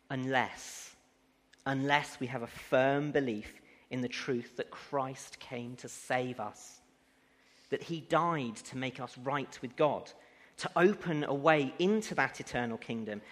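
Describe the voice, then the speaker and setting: A man's voice: medium pitch, fairly bright tone. Preacher man in a reverberant hall. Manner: builds to emphatic, rising declarations. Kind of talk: sermon.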